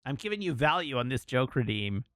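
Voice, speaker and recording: A man's voice: mid-range voice, sing-song, a little fast, a bit bright, no echo, clean studio sound. A man streaming a video game from his home setup, casually chatting and telling cheesy pun jokes into a desk microphone. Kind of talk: casual live-stream chat.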